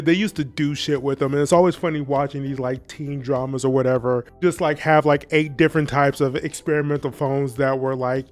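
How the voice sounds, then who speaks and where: A man's voice: on the high side, a little mellow. A man hosting a casual commentary recap, rambling and profane and often laughing. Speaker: video essay host.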